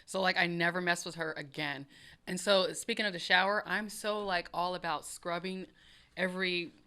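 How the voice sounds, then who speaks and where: A woman's voice: fairly low pitch, fairly even intonation, moderate pace, bright, forceful tone, smooth. A woman guest on a live podcast, talking candidly and rambling with frequent laughs. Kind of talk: casual comedic chat. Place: comedy club podcast studio. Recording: live studio with audience noise.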